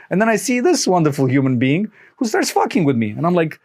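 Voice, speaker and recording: A man's voice: a little high, fast, few pauses. A man hosting a podcast, telling a story in casual chat and acting out the lines he quotes. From Romania. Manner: animated, acts out quoted lines with laughs. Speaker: podcast host.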